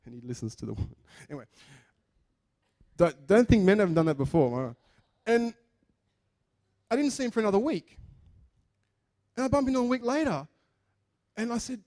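A man's voice: high voice, normal speed, long pauses. A man preaching a sermon in a chatty, joking way, acting out the people in his stories. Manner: animated, chatty, jokes and acts out quotes. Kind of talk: sermon with storytelling.

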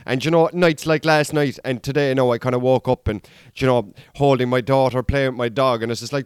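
A man's voice: medium pitch, steady tone, quick pace, clear, resonant tone, no echo. A man in his thirties with an Irish accent, a comedian talking through a candid, rambling monologue with plenty of swearing. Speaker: comedian and podcast host. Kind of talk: casual storytelling monologue.

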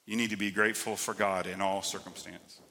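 A man preaching a sermon as pastor, swinging between loud emphatic lines and quiet drawn-out ones. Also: deep voice, flat delivery, in a large hall.

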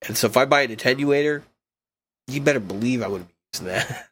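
A man's voice: mid-range voice, quick pace, fairly bright tone, slightly rough. Podcast co-host, man with a mid-range voice, dry teasing banter. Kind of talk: casual chat.

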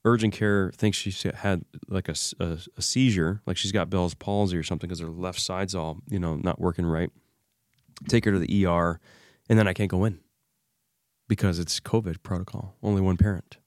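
A man with a very low voice talks as an interview guest. He tells an emotional personal story in an animated way, acts out remembered dialogue and uses many fillers. His voice sounds close and dry. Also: moderate pace, no echo.

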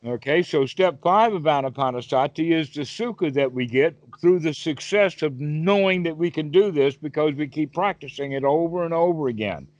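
A man's voice: fairly high pitch, lively intonation, normal speed, hardly any pauses, lo-fi sound, slight background noise. A man teaching meditation over a call, asking his listener questions and giving vivid everyday examples. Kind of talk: Dhamma talk on a call.

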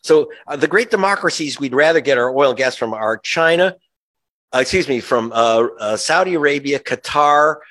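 A man's voice: mid-range voice, a bit bright. Impassioned, sarcastic male journalist. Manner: impassioned, sarcastic, many restarts. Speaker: journalist guest. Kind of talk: political commentary in an interview.

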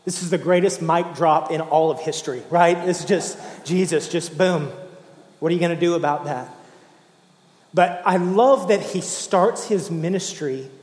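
A man preaching a sermon, emotional, swinging from hushed, slow lines to fervent ones. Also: a little high. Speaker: pastor. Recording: echoey hall, roomy.

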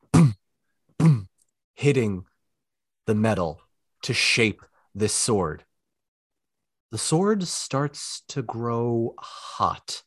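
Man, game master, descriptive narration, lowish voice, dry recording. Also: a bit bright, no room sound. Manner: descriptive, quick asides.

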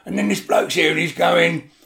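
A man's voice: on the high side, normal speed, vocal fry, reverberant. A man telling a story in casual chat, swearing freely and acting out what people said. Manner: animated, swears a lot, acts out quotes. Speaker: storyteller guest.

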